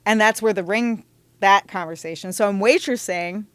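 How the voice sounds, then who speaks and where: A woman, a podcast guest, candidly telling her life story in conversation with animated asides and restarts. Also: medium pitch, moderate pace, smooth, no room sound.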